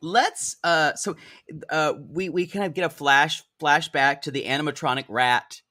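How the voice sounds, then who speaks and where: A man co-hosting a podcast, recapping a reality show in casual chat, sarcastic and animated, often laughing as he talks. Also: fairly high pitch, unhurried, no echo. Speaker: podcast co-host.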